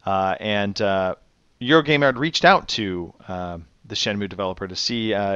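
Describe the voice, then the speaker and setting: A man hosting a podcast quiz, his voice bright and forceful, recorded close and dry. He reads out questions carefully and cheers the answers on. The audio is a bit dull and lo-fi. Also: fairly low pitch, no room sound. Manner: upbeat quizmaster, reads questions slowly and clearly. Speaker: podcast host running a quiz. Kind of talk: casual podcast chat.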